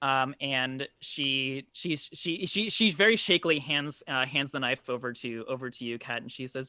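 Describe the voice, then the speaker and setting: A woman's voice: a bass voice, normal speed, few pauses, sharp tone, dry recording, studio quality. A woman narrating a tabletop game as game master, stammering and restarting often.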